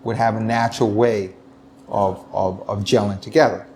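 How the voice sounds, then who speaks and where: A middle-aged man, a retired police lieutenant telling stories in an interview, animated and full of restarts. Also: lowish voice, moderate pace, slight background noise. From United States. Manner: animated storytelling, many restarts, acts out quoted voices. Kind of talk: casual interview talk.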